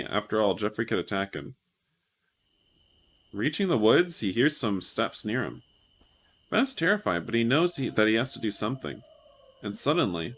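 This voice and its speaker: Lively, wry man reading a game aloud. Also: on the low side, normal speed. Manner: wry, self-mocking commentary. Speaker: gaming video host. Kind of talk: reading a story game aloud with jokey asides.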